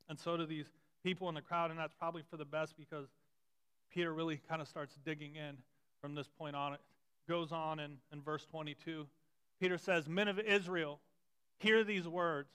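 A man with a high, clear voice preaching a sermon. He speaks earnestly, repeats key words for weight and slows down on the lines that matter. The sound is smooth and resonant. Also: a bit bright. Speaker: pastor.

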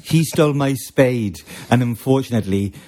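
A man in a casual podcast chat, telling teasing jokes. His voice sits in a middle pitch. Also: moderate pace, warm tone. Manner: joking, teasing.

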